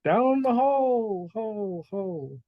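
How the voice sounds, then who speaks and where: Brief: ancient eerie dwarven clerk lady, played by a man, high voice, repeats each last word as an echo. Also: animated, extremely slow, narrow, tinny audio, full character voice.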